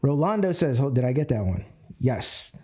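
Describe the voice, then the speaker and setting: A man leading a live group coaching session, energetic and animated, acting out phone calls and shifting his speed and tone as he teaches. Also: medium pitch, normal speed, husky. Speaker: network marketing coach.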